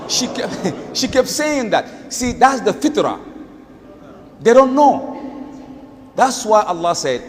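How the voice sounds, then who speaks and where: A male Islamic preacher giving an animated, emphatic sermon, with rhetorical questions and rapid Quran recitation. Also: high-pitched, slight background noise. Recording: long hall reverb.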